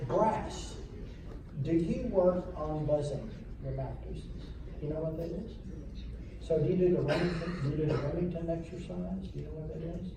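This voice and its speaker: A man's voice: on the high side, moderate pace, vocal fry. A man coaching a school wind ensemble as a guest clinician, chatty and joking and quizzing the players. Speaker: band clinician. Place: large echoey hall, in front of a band. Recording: echoey hall from far off, with noise.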